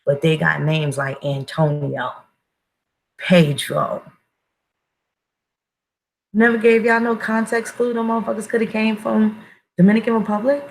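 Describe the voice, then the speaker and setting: A woman delivers a blunt, profane monologue, pressing every point with heavy emphasis and frequent restarts. Her voice carries a gravelly fry at a middle pitch. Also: a little slow, pauses often, poor audio. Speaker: online commentator.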